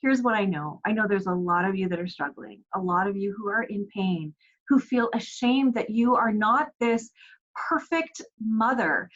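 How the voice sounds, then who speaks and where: Encouraging woman coach, slightly dull audio. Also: a little high. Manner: earnest, encouraging, asks rhetorical questions. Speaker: parenting coach. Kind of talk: direct-to-camera parenting advice.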